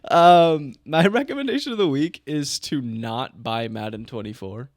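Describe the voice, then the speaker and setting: A man's voice: medium pitch, animated, moderate pace, dry recording, studio quality. A young adult man co-hosting a podcast in casual chat, joking and swearing as he rants. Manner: profane, ranting, jokey. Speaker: podcast co-host.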